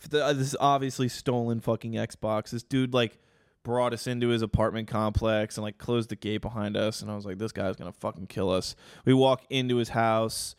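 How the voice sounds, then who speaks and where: A man co-hosting a podcast, telling stories in casual chat, swearing often and getting animated. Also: medium pitch, fairly quick, few pauses, smooth, dry recording, clean studio sound. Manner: profane, animated storytelling. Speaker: podcast co-host.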